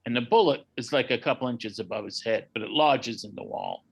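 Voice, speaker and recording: A man, a boxing historian, telling animated anecdotes in a casual chat and acting out the quotes. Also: mid-range voice, a little fast, vocal fry, husky, poor audio.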